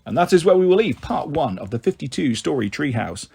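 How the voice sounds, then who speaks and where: A man reading a children's book aloud in a lively, expressive storytelling manner. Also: on the high side, brisk, creaky, hardly any pauses, husky.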